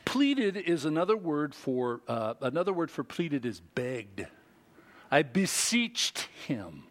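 A middle-aged pastor preaches a sermon, animated and firing rhetorical questions at the congregation. His voice is a little high and he speaks slowly.

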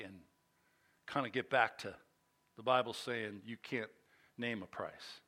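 An older man preaching a sermon, telling a personal story in an animated, chatty and self-mocking way, with fillers and restarts. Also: mid-range voice, moderate pace. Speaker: pastor.

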